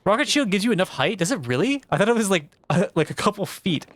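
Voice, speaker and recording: A man's voice: high-pitched, very animated, fast, fairly bright tone, dry recording. A young man streaming a video game, talking to chat and getting frustrated, swearing and exclaiming at the game. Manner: talks back to chat. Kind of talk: live gameplay commentary.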